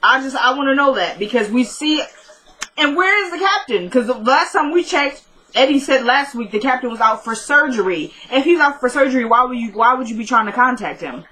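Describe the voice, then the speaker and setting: A woman's voice: on the high side, a little fast, bright, forceful tone, low-quality recording. Chatty woman recapping a TV episode. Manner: chatty, rambling, with self-corrections. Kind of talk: casual show recap.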